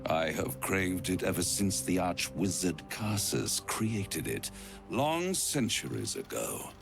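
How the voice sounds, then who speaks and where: An actor voicing an ancient scheming male devil in a video game, with a deep, theatrical, relishing drawl. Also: creaky, full character voice. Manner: grand, relishing, mocking delivery. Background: game music.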